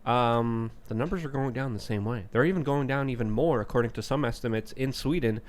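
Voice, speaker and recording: A man's voice: mid-range voice, brisk. A man co-hosting a panel talk show who argues his points with emphasis. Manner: emphatic, argumentative commentary. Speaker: show co-host. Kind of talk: casual panel chat.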